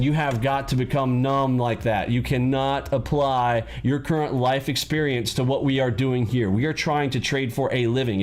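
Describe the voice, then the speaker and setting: A man coaching day traders in a live lesson, emphatic and preachy, driving points home with repeated "okay?" and "you got it?", his voice swinging from low to high. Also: darkish tone. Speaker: trading coach. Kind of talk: livestream trading lesson.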